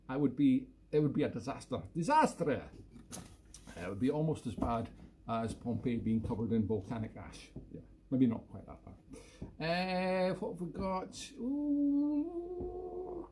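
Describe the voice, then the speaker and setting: A man's voice: a little high, dark tone, slight background noise. A Scottish man hosting a weekly live music show from home, chatting casually and jokily between tunes and poking fun at himself. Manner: playful, jokey and self-mocking.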